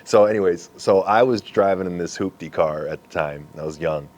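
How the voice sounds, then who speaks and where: A man's voice: low voice, moderate pace, darkish tone. A young man hosting a podcast, chatting casually, eager and encouraging, and telling a story of his own. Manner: eager, encouraging, frequent short backchannels. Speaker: podcast host.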